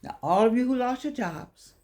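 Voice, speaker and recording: Woman, middle-aged, casual to-camera talk, repeats herself, slow emphatic punches. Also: fairly high pitch, animated, mellow. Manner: preachy, repeats herself, wanders off mid-thought; sudden emphatic stretched-out words. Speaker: online motivational speaker.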